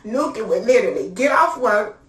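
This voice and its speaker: A woman's voice: a little high, big pitch swings, fairly quick, fairly bright tone. A young adult woman telling a personal story in a casual, candid way, with many fillers. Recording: roomy sound from a distance.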